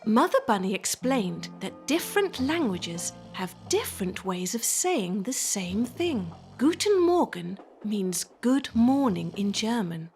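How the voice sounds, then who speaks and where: Woman reading a kids story, slow n lilting, soft music under it. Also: mid-range voice, very animated. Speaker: narrator. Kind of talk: children's storybook narration.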